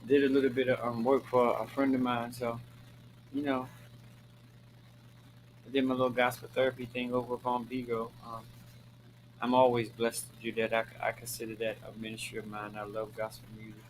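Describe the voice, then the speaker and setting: A Maryland man hosts his own show, delivering a casual talking-head monologue to viewers in a sassy, flamboyant style, calling them honey and girl and swearing freely. He's preachy and emphatic, repeating lines for effect, in a medium-pitched monotone at a fairly quick pace. The low-quality recording has a little hiss or hum.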